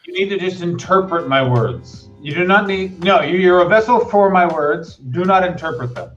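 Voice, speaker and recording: A man's voice: high-pitched, expressive, normal speed, faint music behind. Brash, mock-grandiose man, dull sound. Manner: mock-grandiose, profane, self-mocking. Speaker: co-host. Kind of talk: comic banter.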